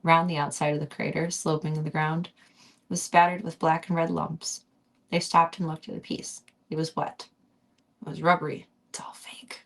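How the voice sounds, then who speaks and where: A woman streamer chatting softly with viewers, sometimes whispering, then reading a novel aloud in a calm, unhurried way. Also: low-pitched, gravelly. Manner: soft-spoken, drifting into whispers. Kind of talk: casual chat and book reading on a stream.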